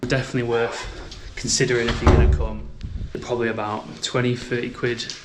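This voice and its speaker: A man's voice: mid-range voice, little pitch movement, a little fast, very noisy. Chatty man vlogging outdoors. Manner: chatty, conversational, explains plans as he walks. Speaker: travel vlogger. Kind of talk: casual travel vlog narration. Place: outdoors in a mountain park.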